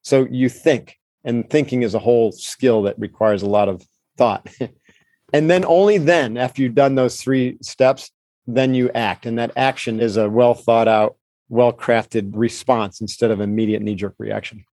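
A man in a mid-range voice explains mental techniques in a calm, measured coaching tone. He sometimes acts out the lines he suggests people say. The sound is close and dry, with no room echo. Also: mid-range voice. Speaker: podcast host answering listener questions. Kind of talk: calm explanatory advice talk.

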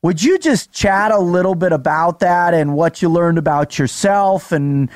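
A man hosting a podcast, asking a guest measured, leading questions. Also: high voice, no room sound, clean studio sound. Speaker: podcast host. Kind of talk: interview questions.

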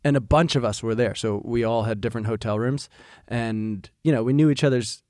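A man co-hosting a podcast, telling a casual anecdote in a relaxed, animated way. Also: mid-range voice, brisk, no echo, clean studio sound. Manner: animated anecdote with acted-out voices. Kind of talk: casual storytelling.

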